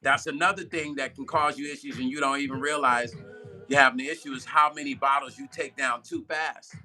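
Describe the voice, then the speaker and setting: A man's voice: mid-range voice, fairly even intonation, brisk, pushed and bright. A man hosting a live stream as a music producer. He chats loosely with viewers, repeats himself for emphasis and laughs at his own slips.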